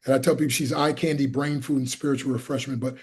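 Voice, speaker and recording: Husky-voiced animated storyteller man. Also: fast talker. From Pennsylvania. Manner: animated, acts out quoted people with big pitch jumps. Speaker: guest, motivational speaker and evangelist. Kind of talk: storytelling in an interview.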